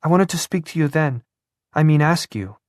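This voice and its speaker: A man's voice: a little high, animated, normal speed, dry recording, clean studio sound, voice pushed up, lightly acted. A man voicing a shy, eager young woman who speaks in a breathless, apologetic way.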